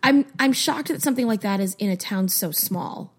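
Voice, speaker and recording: A woman co-hosting a podcast, chatting casually and reacting with quick questions and giggly asides. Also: mid-range voice, expressive, breathy edge. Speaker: podcast co-host. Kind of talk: casual chat.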